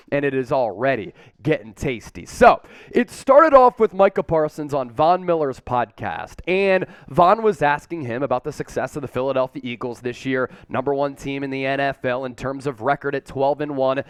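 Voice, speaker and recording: A man hosting a sports news show, giving energetic, emphatic fan commentary. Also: a little high, smooth, no room sound, studio quality. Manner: emphatic, hyped-up fan delivery.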